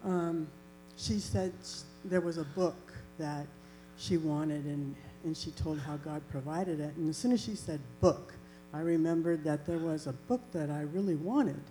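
Woman, low and mellow, earnest testimony, faint mains hum. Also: unhurried, hardly any pauses, rough recording. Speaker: church member giving a testimony. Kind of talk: personal testimony.

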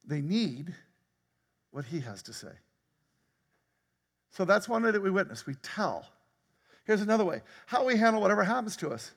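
A man preaching a sermon as pastor, talking conversationally, laughing often and breaking into sudden loud outbursts. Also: high voice, very animated, normal speed, pauses often, big-room sound. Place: church sanctuary.

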